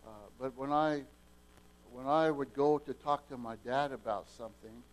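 A man delivering a plain-spoken sermon in an ordinary middle-pitched voice. He stumbles and repeats words as he works through a point, then surges loud on the key lines. It sounds like a homespun pulpit talk. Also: steady tone, normal speed, poor audio. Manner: folksy preaching, repeats words, swings from quiet to loud. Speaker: preacher.

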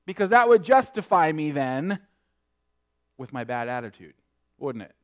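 A man preaching a sermon, quoting scripture in old-fashioned wording and swinging between emphatic peaks and quieter asides. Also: big pitch swings, measured pace, long pauses. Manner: emphatic preaching, rising and falling in pitch and loudness. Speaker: pastor.

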